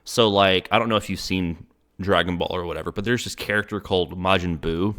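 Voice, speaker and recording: Brief: young male interviewer, deep voice, loose rambling delivery. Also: steady tone, a little fast, a bit bright. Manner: rambling, many fillers and restarts. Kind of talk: casual conversation.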